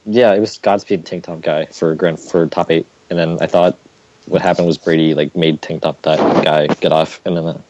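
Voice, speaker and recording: A man guesting on a podcast in casual chat, excitable and swearing freely. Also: low-pitched, normal speed, no room sound. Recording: dull lo-fi sound.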